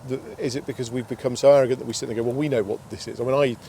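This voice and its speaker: A man's voice: mid-range voice, fairly even intonation, racing, vocal fry, mellow. A man hosting an outdoor interview, asking long, musing questions with chatty asides. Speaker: podcast host. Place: outdoors by a towpath with passing traffic. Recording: outdoor recording with faint street noise.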